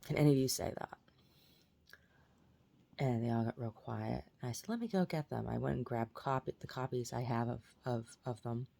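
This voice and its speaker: A woman's voice: very deep voice, little pitch movement, normal speed, gravelly, mellow. A woman telling about a strange dream in a casual vlog, rambling with many fillers and restarts. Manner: baby talk to her pet dog. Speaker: vlogger.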